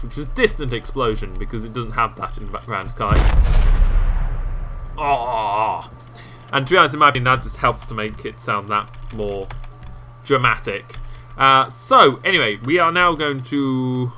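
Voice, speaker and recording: A man walking viewers through video editing software in a casual, rambling tutorial with self-mocking asides, recorded on a desktop microphone. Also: mid-range voice. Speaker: game tutorial host.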